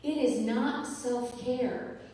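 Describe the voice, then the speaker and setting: A woman's voice: fairly high pitch, steady tone, takes it slowly, warm tone. A woman minister giving an earnest, confessional sermon and repeating phrases for emphasis. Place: church sanctuary. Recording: echoey hall, heard from far off.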